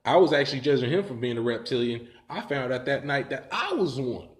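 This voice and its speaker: A man's voice: mid-range voice, animated, fairly quick, echoey room. A man telling a story in casual, profane talk, rambling and laughing as he goes.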